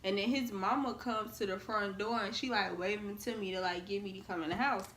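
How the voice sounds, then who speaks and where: A woman's voice: medium pitch, brisk. A young woman telling a relationship story in casual vlog chat, acting out the voices of the people she quotes. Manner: animated, acts out quoted voices. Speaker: vlogger, storytelling half of a couple. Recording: echoey room with faint noise.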